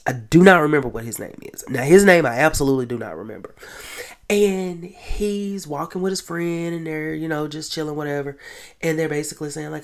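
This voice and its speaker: A man hosting a casual podcast, recapping a TV episode in an animated storytelling way with quick whispered asides. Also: on the high side, vocal fry. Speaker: podcast host.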